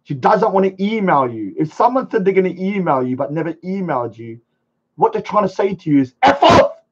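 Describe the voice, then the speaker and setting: A man hosting a live stream, chatting casually and rambling, sometimes shouting at viewers. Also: high voice, expressive, a little fast, a little hiss or hum. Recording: dull lo-fi stream audio.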